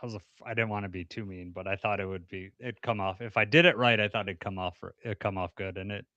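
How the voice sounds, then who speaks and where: A man's voice: fairly low pitch, steady tone, quick pace, bright, forceful tone, dry recording, lo-fi sound. A man co-hosting a live podcast stream, chatting casually, rambling a little and laughing easily. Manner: rambling, laughs easily, greets chat viewers. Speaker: podcast co-host.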